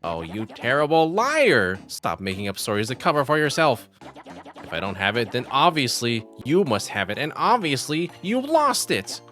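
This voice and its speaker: A man's voice: mid-range voice, wildly swooping pitch, moderate pace, fairly bright tone, soft background music, pitched above the performer's own voice. A man voicing a scheming, cruel old female witch from a game, sneering and berating. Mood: scornful. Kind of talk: reading game dialogue aloud.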